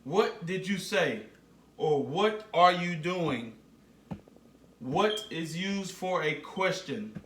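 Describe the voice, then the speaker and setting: A man teaching a phonics lesson to young children, slowly repeating words for them to say back. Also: fairly high pitch, animated, fairly bright tone, roomy sound, far from the mic.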